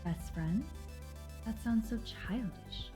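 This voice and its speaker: Aloof brainy little girl as a woman reads her, dry and flat, low-key delivery. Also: slow pace, music in the background. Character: aloof brainy young girl, studious and cool.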